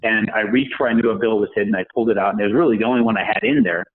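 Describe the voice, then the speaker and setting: A man's voice: lowish voice, sing-song, rapid-fire, creaky, narrow, tinny audio. A man telling a personal story in a podcast interview, acting out the voices of people he quotes. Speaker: podcast guest. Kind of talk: storytelling in a conversation.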